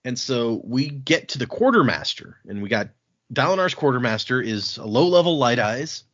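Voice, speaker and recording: A man's voice: medium pitch, animated, moderate pace, a bit bright, muffled recording. A man hosting a podcast, casually retelling book scenes and acting out the characters' quoted lines. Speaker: podcast host.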